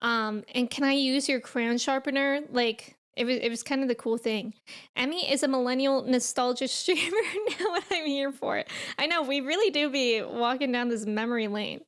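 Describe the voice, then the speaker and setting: This streamer is a young woman from New England whose voice sits high and moves at a moderate pace. She chats easily and reminisces while going through and responding to her live chat.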